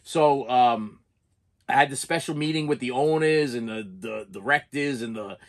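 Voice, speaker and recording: Emotional man telling a personal story. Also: mid-range voice. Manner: halting, repeats words, voice rises when upset. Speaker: movie collecting channel host. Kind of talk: personal emotional vlog monologue.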